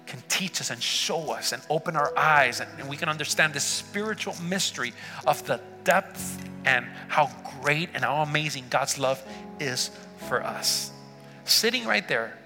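A man's voice: fairly high pitch, long reverb tail. A man preaching a sermon to a congregation, earnestly asking them rhetorical questions. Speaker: pastor. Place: church sanctuary.

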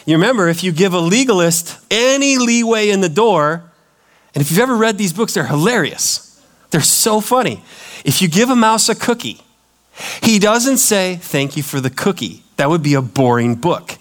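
A man's voice: high voice, animated, normal speed. A pastor preaching a sermon, emphatic and repetitive, putting questions to his congregation.

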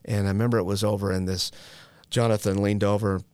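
A man's voice: fairly low pitch, level tone, fast, a little mellow, clear, resonant tone, no room sound, clean studio sound. Frank middle-aged man telling his story. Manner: frank and self-deprecating, with wry humor and slangy asides. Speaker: guest sharing a recovery story. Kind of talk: candid personal storytelling.

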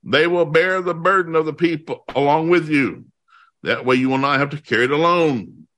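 A man's voice: a little high, moderate pace, a bit bright. A man preaching a sermon, reading scripture aloud and animatedly voicing the people's complaints. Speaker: pastor.

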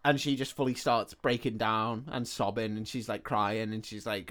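A man's voice: on the low side, little pitch movement, normal speed, fairly bright tone. A man, a podcast host casually retelling a film's plot and acting out the characters' lines. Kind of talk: casual film recap chat.

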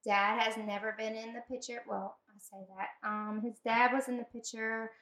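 A woman's voice: fairly high pitch, normal speed, roomy sound, faint music behind. A woman, chatting and telling stories about her life. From Southern United States. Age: 30s. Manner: chatty, animated storyteller. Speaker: guest. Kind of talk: casual chat.

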